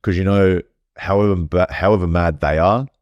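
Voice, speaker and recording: A man with a very deep voice tells a personal story as a podcast guest. He talks casually, rambles and swears freely. The sound is dry and close, with no room echo. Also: fairly even intonation, normal speed, dull audio.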